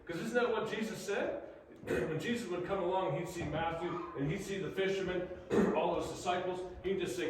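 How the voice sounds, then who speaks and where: A man's voice: fairly high pitch, normal speed, recorded from a distance, background noise. Preaching man in an echoey room. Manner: animated preaching, acting out voices in quotes. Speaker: pastor. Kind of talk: sermon.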